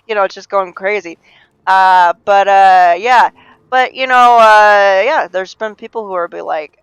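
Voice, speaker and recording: A man's voice: high voice, moderate pace, fairly bright tone, smooth, no echo. A man streaming a game live, rambling and talking to himself as he plays. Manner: rambling, self-talking, full of restarts. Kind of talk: rambling live gameplay chat.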